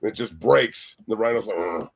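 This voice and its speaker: Husky, profane former lineman. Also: low-pitched, normal speed. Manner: loud, profane, laughing storyteller. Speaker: guest, former pro football lineman. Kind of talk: casual storytelling.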